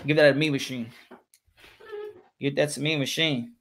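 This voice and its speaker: High, bright-voiced excitable boxing commentator. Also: male voice, moderate pace, long pauses. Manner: excitable, repeats calls, swears. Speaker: boxing commentator and channel host. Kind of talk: live fight commentary.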